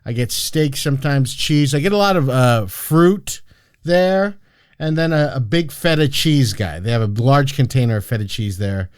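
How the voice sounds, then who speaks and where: A man's voice: mid-range voice, moderate pace, clear, resonant tone, no room sound, studio quality. A man hosting a casual podcast, joking and cursing as he tells everyday stories. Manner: joking, profane, storytelling with laughs. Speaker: podcast host.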